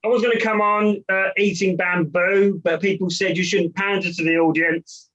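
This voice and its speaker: A man doing a stand-up comedy set from his own room over a video call, with hesitant one-liners full of ums and pauses. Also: sits high, steady tone, fairly bright tone, dull audio.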